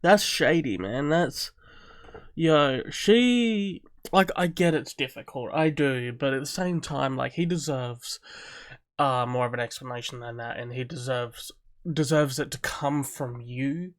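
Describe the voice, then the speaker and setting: A man's voice: mid-range voice, unhurried. A man giving casual, joking commentary as he reacts to a talk show clip. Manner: animated, joking, talks back to the clip. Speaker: reaction video host.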